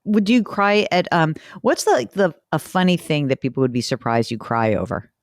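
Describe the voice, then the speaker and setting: A middle-aged woman hosting a show, chatting and telling stories in a casual, animated way. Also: low voice, normal speed, no echo, studio quality. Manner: chatty, animated storytelling with laughs. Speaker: host. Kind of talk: casual chat.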